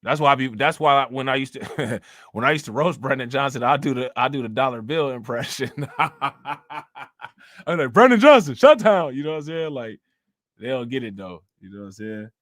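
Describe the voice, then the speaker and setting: This young streamer has a mid-range, slightly bright voice and talks a little fast. He rambles and swears casually while responding to his chat, captured in studio quality with no room sound.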